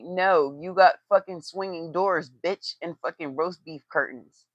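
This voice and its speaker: A woman's voice: lowish voice, normal speed, no echo. Profane, mocking woman ranting on a livestream. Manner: blunt, profane and mocking, with animated outbursts. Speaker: tarot reader and commentator. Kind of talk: casual livestream gossip commentary. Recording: dry, slightly dull lo-fi sound.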